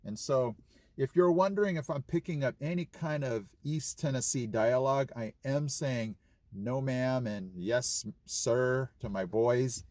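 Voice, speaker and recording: A man's voice: mid-range voice, measured pace, darkish tone, no echo. A man who teaches school and talks earnestly and gratefully to his channel, casual and chatty with fillers. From California. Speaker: vlogger and schoolteacher. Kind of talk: casual vlog talk to camera.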